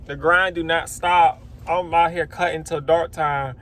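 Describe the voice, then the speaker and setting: A man who runs a lawn care business, chatting casually to the camera outdoors, rambling and animated as he acts out his own reactions. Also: on the high side, measured pace. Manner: swears then apologizes. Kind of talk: casual vlog storytelling.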